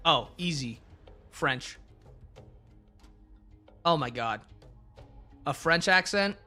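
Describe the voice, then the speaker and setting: A man's voice: a little high, lively intonation, very slow, pauses often, bright, forceful tone, soft background music. A young man streaming live, chatting casually with his chat in a blunt, crude, rambling way.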